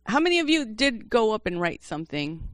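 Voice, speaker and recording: A woman's voice: mid-range voice, very animated, brisk, no echo, studio quality. A woman steps up as a church speaker and talks to the crowd in a friendly, chatty manner. Her delivery is informal and direct, with questions put straight to the congregation. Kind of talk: informal sermon.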